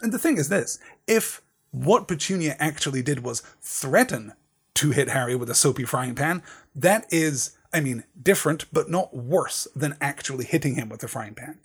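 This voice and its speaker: A man's voice: a little high, animated, normal speed, slightly rough. A man leading a literature seminar, talking in a thoughtful, digressive way with restarts. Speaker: seminar leader.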